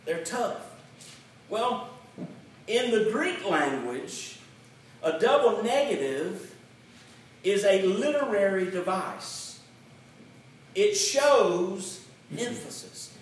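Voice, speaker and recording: Male pastor, high voice, slow, emphatic sermon; heavy echo, distant mic. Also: expressive, a little hiss or hum. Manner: emphatic, with slow deliberate stresses on key words. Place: church sanctuary. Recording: very echoey hall, mic set back.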